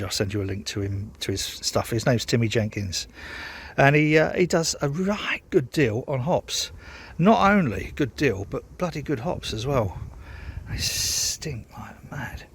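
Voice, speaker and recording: A man's voice: medium pitch, slightly rough. A man chatting casually in a rambling, sweary, self-mocking way, vlogging from his garden. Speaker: home brewer vlogger. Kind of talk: casual rambling vlog chat.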